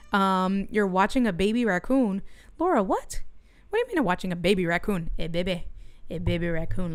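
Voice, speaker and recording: A middle-aged woman streaming from her home studio, telling a story in an animated way and talking to her chat. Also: lowish voice, smooth. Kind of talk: casual livestream chat.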